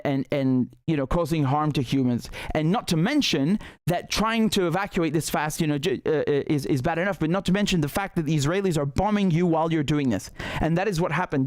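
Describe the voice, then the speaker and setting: Indignant man with a lifted pitch. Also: no echo. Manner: indignant and sarcastic, repeats phrases for emphasis. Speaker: political commentator host. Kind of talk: impassioned solo commentary.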